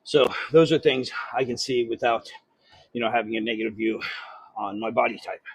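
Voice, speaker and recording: Out of breath on an incline treadmill at the gym after a workout, a fitness vlogger chats casually into a phone held close, rambling, swearing and poking fun at himself. His mid-range voice has vocal fry and a breathy edge, with fairly even intonation, a moderate pace and no room sound.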